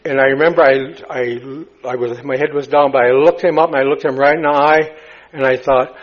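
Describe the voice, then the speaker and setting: A man speaking at a recovery meeting, telling his story in a halting way, full of fillers and restarts. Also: fairly high pitch. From United States. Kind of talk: personal recovery story told to a crowd. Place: retreat meeting hall. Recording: dull lo-fi talk recording.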